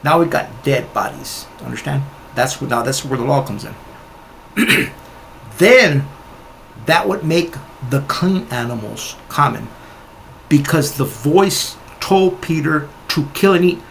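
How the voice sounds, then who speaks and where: A man's voice: fairly high pitch, unhurried, creaky, slight background noise. A man giving rebuttal commentary on a Bible teaching video, argumentative and scoffing, often talking straight at the other teacher.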